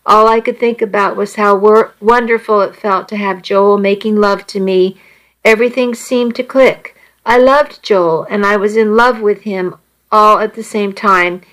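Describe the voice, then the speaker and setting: A woman reading a first-person romance story aloud in a soft, intimate way. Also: mid-range voice, fairly even intonation, a little slow, low-quality recording. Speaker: audiobook narrator.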